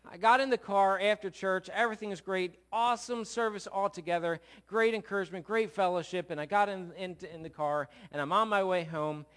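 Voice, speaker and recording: A man's voice: high-pitched, a little fast, hardly any pauses, a bit bright. A middle-aged man pastor giving a sermon in a church, talking conversationally and joking with his congregation. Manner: conversational, jokey, checks in with congregation. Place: church sanctuary.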